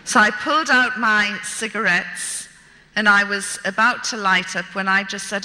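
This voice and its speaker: A woman's voice: medium pitch, fairly even intonation, measured pace, bright, forceful tone. A woman, telling a dramatic true story from her own life in a vivid, wry, self-mocking way. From Britain. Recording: long hall reverb.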